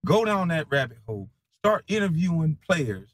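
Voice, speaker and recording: A man in a heated, profane monologue, defiant and mocking, laughing scornfully and swinging between low mutters and loud taunts. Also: very animated, normal speed. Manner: casual slang-heavy speech.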